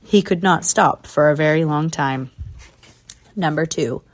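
A woman narrates a storybook aloud, her voice a little low and calm. She reads evenly, chapter by chapter. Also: unhurried.

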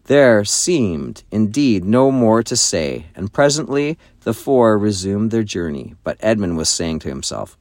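A man reading a children's novel aloud with expressive storytelling. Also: fairly low pitch, measured pace, no echo. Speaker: narrator. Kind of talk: audiobook narration.

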